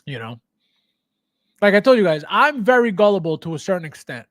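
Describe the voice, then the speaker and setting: A man with a high-pitched voice hosts a live stream, chatting with viewers and answering their comments. He talks in an animated way, repeats himself, and restarts his sentences often. His voice sounds dry and close, with little room echo. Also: normal speed. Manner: animated, repetitive, stammering restarts, laughs often. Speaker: livestream host. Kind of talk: casual live chat reading viewer comments.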